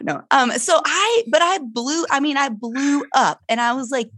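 A woman's voice: on the high side, expressive, moderate pace, few pauses, a bit bright, dry recording, clean studio sound. A middle-aged woman speaking candidly and animatedly as she tells a personal parenting story, her voice climbing sharply when she gets worked up. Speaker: guest, foster mother.

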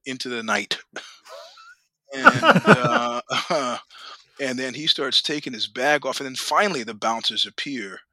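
An older man as an interview guest, telling animated anecdotes with acted quotes and laughter. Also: mid-range voice, a little slow, dry recording. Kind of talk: storytelling interview.

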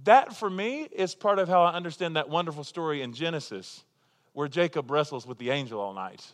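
A male pastor delivers a sermon in a chatty, humorous manner, tossing rhetorical questions to his listeners. His voice sits a little high for a man. A long reverb trails each phrase, as in a large church hall. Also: lively intonation, fairly quick. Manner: conversational, joking, full of rhetorical questions.

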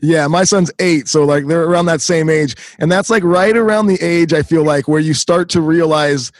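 A man's voice: a little high, normal speed, dry recording. A man, a father, chatting casually on a podcast, telling anecdotes with a laugh and acting out his kid's lines. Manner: storytelling, mimics his kid, laughs often. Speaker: podcast co-host. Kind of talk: casual chat.

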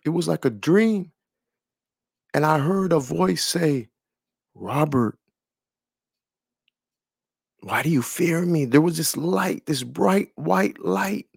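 A man tells his personal faith story with deep feeling, circling back to the same words again and again. His voice is strongly gravelly and husky, sitting a little high. The sound is close and dry. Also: no room sound. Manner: earnest, emotional, repeats phrases for emphasis. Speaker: testimony speaker.

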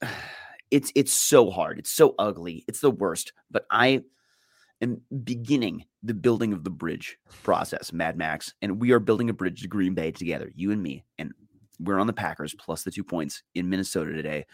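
A sports betting podcast co-host with a deep voice gives his picks at normal speed in a clean studio recording with no echo. He's chatty and self-deprecating and repeats words while he thinks.

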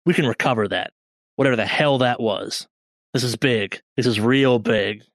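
A man playing a rabidly excited army major. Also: mid-range voice, normal speed, dry recording, studio quality, lightly acted. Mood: gleeful. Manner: gleeful, boastful, swearing.

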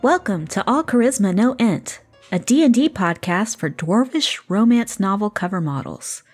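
A woman's voice: mid-range voice, expressive, a little mellow, husky, faint music behind. A woman hosting a tabletop game podcast as its game master, reading the intro and chatting playfully with the players. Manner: playful, quick asides. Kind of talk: podcast intro and casual chat.

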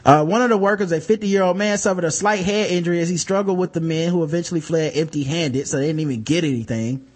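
A man's voice: on the high side, fast. A man hosting a podcast, reading news stories aloud in casual chat, joking and profane, laughing as he reads. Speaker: podcast host.

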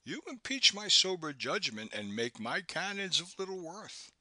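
A man's voice: sits high, big pitch swings, normal speed, pushed and bright, dry recording, pitched above the performer's own voice, heavily acted. A man reading an audiobook, voicing a proud, bookish literary critic who speaks in a formal, academic manner.

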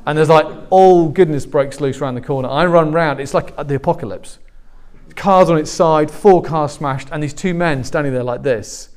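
A man's voice: on the high side, normal speed. A man in his forties preaching a sermon as pastor, telling stories and acting out the people in them. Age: 40s. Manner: animated storytelling, acting out quoted voices.

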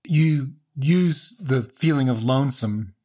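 A man's voice: mid-range voice, slow pace, warm tone. A man hosting an interview, asking curious, probing questions and rephrasing them as he goes. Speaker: interview host.

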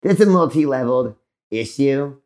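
A man's voice: mid-range voice, lively intonation, normal speed, a little mellow. A man hosting a live podcast, talking in a playful, rambling way and acting out little voices. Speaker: podcast host.

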